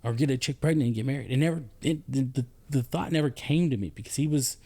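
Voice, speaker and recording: Halting, reflective man on a podcast. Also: mid-range voice, dark tone. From United States. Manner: halting, reflective, searching for words. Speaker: former Army leader, podcast guest. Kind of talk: casual podcast conversation.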